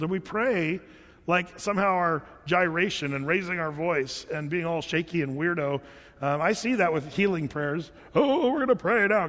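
A man with a slightly high voice gives a relaxed, talky Bible lesson, switching into little acted voices for the people in his stories. His words ring out with a long reverb, as if spoken in a large hall. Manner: conversational, animated, acts out quotes. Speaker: Bible teacher. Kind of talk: casual sermon teaching.

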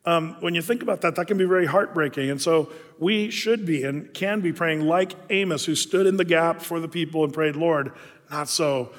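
A middle-aged pastor from Southern Oregon preaching a sermon in a relaxed, conversational way, full of fillers and restarts. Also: male voice, on the high side, brisk, few pauses. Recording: long hall reverb.

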